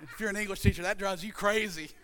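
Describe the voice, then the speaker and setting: A man's voice: high voice, fairly even intonation, quick pace, a little hiss or hum. A man preaching a sermon in a country church, working up to a chanting call-and-response. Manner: rising chant-like call and response, builds to shouting.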